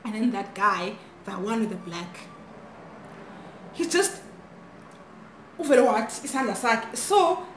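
Young woman, lively storytime vlog, higher voice, echoey room with faint hiss. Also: a little slow, pauses often. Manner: animated, switching languages mid-sentence. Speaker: vlogger. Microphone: phone camera.

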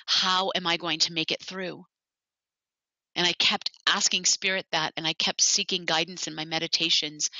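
A woman's voice: sits low, pushed and bright, no room sound. A woman who founded an animal sanctuary gives a personal talk, telling her story in an earnest, heartfelt way. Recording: dull lo-fi, dry.

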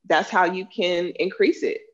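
A woman's voice: lowish voice, moderate pace, highs cut off. A woman who teaches self-defense and wrote a book on it, answering interview questions in an earnest, explanatory way with plenty of fillers. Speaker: self-defense instructor and author.

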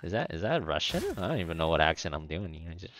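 Deep-voiced man joking through his game. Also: sing-song, quick pace, a bit bright, a little hiss or hum. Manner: joking, mutters to himself. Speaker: game streamer. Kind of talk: casual gameplay commentary.

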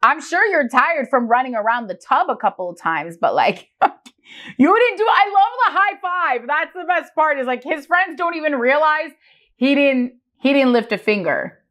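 A woman's voice: high-pitched, normal speed. A woman hosting a reaction video, chatting casually, teasing and laughing a lot. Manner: animated, teasing, laughs often.

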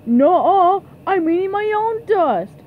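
A woman's voice: extremely high pitch, big pitch swings, narrow, tinny audio, slight background noise, heavily acted. A woman voicing a dim-witted, cheerful male starfish in a cartoon fan dub. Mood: smug. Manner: dopey, slow.

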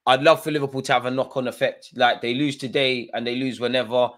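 A man hosting a live football watchalong, reacting loudly to the match with slangy banter and urging players on. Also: mid-range voice, quick pace. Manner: excitable, shouts at players, slangy.

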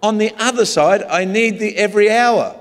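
A man's voice: high voice, moderate pace. A man with an Australian accent, a pastor preaching a humorous, story-filled sermon in a large church. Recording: long hall reverb.

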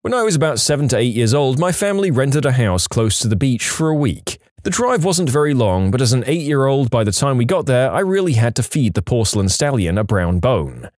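Animated male storyteller, dry sound. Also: fairly quick, hardly any pauses, dry recording. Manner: animated storytelling with lively pitch swings. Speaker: narrator. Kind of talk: scripted story narration.

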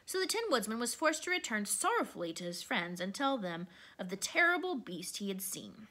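A woman reading a children's storybook aloud with expressive delivery. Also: brisk, hardly any pauses. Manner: expressive, varies pitch. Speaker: narrator.

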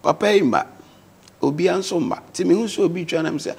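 A Ghanaian man recounts his past as a talk show guest, his voice gravelly and husky. He sits a little high for a man and speaks with an earnest, steady storytelling pull. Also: moderate pace. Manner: earnest storytelling, mixing English words into his speech.

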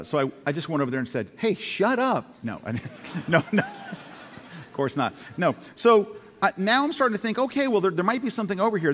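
A man's voice: medium pitch, big-room sound. A man teaching photography by telling a story, acting out his own thoughts with self-mocking humor. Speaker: photography instructor. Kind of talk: storytelling lesson over photo slides.

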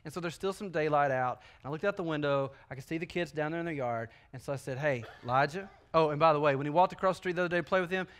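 High, bright-voiced pastor. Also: male voice, rapid-fire, few pauses, smooth. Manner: folksy, joking, conversational. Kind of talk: sermon with personal stories.

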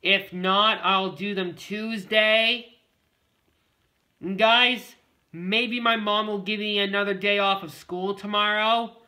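A man's voice: sits high, fairly even intonation, takes it slowly, bright, forceful tone. A male vlogger talking casually to the camera, rambling and repeating himself as he keeps addressing his viewers.

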